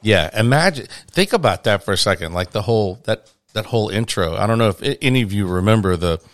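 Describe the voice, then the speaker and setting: A man's voice: fairly low pitch, animated, fast. A middle-aged man co-hosting a casual podcast, rambling and joking his way through a play-by-play. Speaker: podcast co-host. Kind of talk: casual chat.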